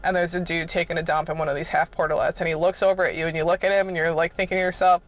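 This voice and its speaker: A woman's voice: on the low side, flat delivery, rapid-fire, highs cut off. A woman telling casual work stories in a laid-back, chuckling way, swearing freely. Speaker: vlogger. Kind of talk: casual storytelling.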